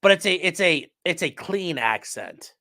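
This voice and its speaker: A man's voice: a little high, expressive, a little slow, pushed and bright. A man hosting a casual livestream, joking around and reading viewer comments aloud. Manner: jokey, rambling, reads viewer comments aloud. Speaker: livestream host reading chat.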